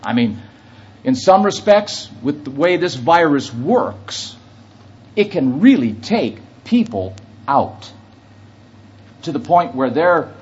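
A man's voice: fairly high pitch, slightly rough, highs cut off. A man preaching a sermon, telling an anecdote and then building to emphatic preaching. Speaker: pastor.

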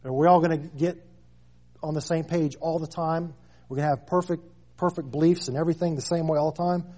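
A husky, mellow-toned man in his thirties delivers a sermon. He leans hard into key phrases, repeating them for weight, and sits a little higher in pitch than most men. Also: steady tone, fairly quick. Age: 30s. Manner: preaching with rising emphatic stresses and repeated phrases. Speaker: preacher.

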